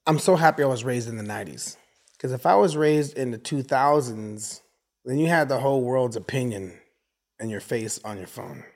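A man's voice: medium pitch, normal speed. A man in his forties, from the United States, telling stories as an interview guest and slipping into voices from his neighborhood. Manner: animated storyteller who acts out neighborhood voices. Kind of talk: casual interview.

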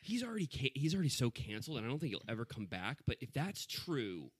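A man's voice: mid-range voice, quick pace, slightly rough, dry recording. A man co-hosting a podcast in casual chat, joking and playful as he banters back and forth. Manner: joking, animated, playful mock-legal banter. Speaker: podcast co-host.

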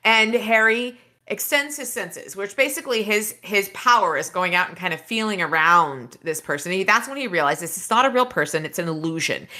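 A woman's voice: mid-range voice, pushed and bright. A woman podcast host casually retelling a novel's chapters, rambling with fillers and restarts. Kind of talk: casual book recap.

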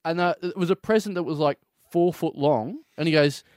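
An Australian man co-hosting a casual comedy podcast, telling stories in an animated, jokey way. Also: fairly high pitch, brisk, no room sound, clean studio sound. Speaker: co-host.

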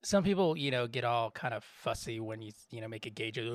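A man co-hosting a podcast in casual chat, relaxed, laughing often and swearing freely. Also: mid-range voice, fairly quick, no room sound, studio quality. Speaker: podcast co-host.

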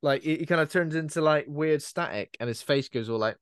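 A man's voice: fairly high pitch, a little fast, clear, resonant tone, no echo, studio quality. A man co-hosting a podcast, chatting casually about a film and wandering from point to point. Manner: chatty, digressive, often quotes characters in silly voices. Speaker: podcast co-host. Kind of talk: casual film-review chat.

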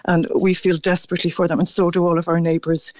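A man calling in to a radio show, speaking haltingly and stammering as he grows emotional. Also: fairly high pitch, completely flat delivery, a little mellow, no room sound, lo-fi sound. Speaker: radio caller. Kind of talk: phone-in radio chat.

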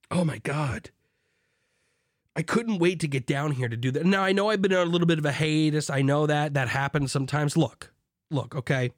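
A man hosting a beer podcast alone, drinking as he talks, hyped and swearing, swinging between shouted zeal and low asides. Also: normal speed, no room sound, clean studio sound. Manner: swears, mock preacher zeal. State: drinking beer while talking. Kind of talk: excited solo podcast monologue.

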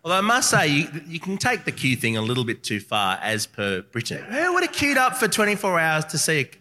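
A man's voice: a little high, wildly swooping pitch, fairly quick, pushed and bright. A man co-hosting a live comedy podcast panel, cutting in with wry, teasing remarks. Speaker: podcast co-host. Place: festival stage before an audience. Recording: live stage with long hall reverb.

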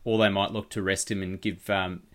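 Brief: laid-back host, rambling banter, low-ish voice. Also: male voice, level tone, normal speed, fairly bright tone. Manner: rambling, restarts, swears and teases. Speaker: podcast host. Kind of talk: casual sports fantasy chat.

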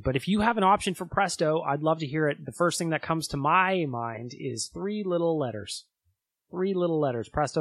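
A male podcast host from Canada chats casually with his listeners and laughs easily. His voice is mid-pitched. The recording is dry and close. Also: husky, no room sound.

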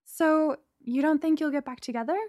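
A woman's voice: high voice, moderate pace, no echo, clean studio sound, voice pushed up, natural voice. A woman voicing a caring, worried mother. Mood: concerned. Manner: warm and concerned.

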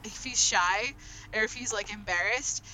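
A young woman hosting a casual group chat over an online call. She talks in an excitable, rambling way and laughs often. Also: medium pitch, measured pace, slight background noise, rough recording.

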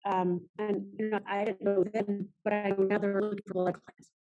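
Halting woman telling a personal story. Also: mid-range voice, flat delivery, mellow, dull audio, faint music behind. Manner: halting, many restarts and fillers. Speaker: interviewee.

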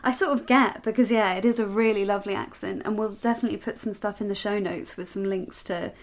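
A woman's voice: mid-range voice, fairly even intonation, fast. A woman from England co-hosting a podcast in casual chat, talkative and laughing often. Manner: chatty, laughs often, with frequent fillers. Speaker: podcast co-host.

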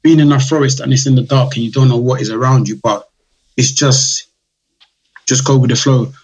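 Male guest, gravelly and husky, chatty storyteller who acts out customers' voices. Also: medium pitch, steady tone, moderate pace, a little mellow, rough recording. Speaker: guest, drinks brand founder. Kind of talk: casual podcast interview.

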